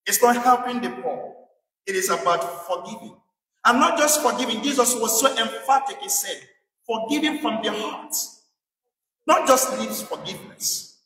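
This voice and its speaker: In an English church, a priest preaches with a high, bright voice, driving his argument home through repeated rhetorical questions. He's expressive and speaks at a normal pace, though he sounds far from the microphone and the space adds a long, echoing reverb.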